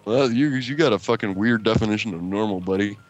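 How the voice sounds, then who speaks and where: A man's voice: fairly low pitch, a little fast, lo-fi sound, loud music behind the voice. A man co-hosting a podcast in casual chat, rambling and swearing, with many "like" fillers. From Polish family. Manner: profane, rambling, full of "like" fillers. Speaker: podcast co-host.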